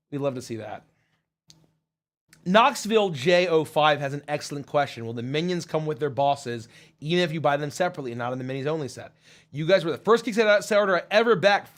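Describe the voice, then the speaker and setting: A man hosting a live stream, reading out chat comments with loud excitement and casual swearing. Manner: excited, swears casually, swings from loud hype to low mumbles. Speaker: livestream host.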